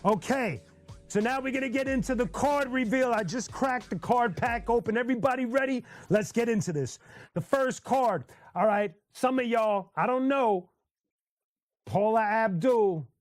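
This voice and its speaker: Animated high-voiced man hosting a stream. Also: normal speed, soft background music. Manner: animated storyteller who sings snippets and laughs often. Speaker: host. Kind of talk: casual live-stream chat.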